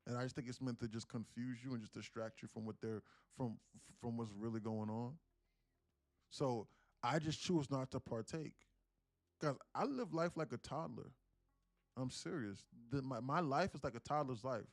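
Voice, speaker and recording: A man's voice: medium pitch, moderate pace, no echo. A young man from South Carolina chatting casually on a live stream as a day trader, sarcastic and rambling, often restarting his sentences. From South Carolina, USA.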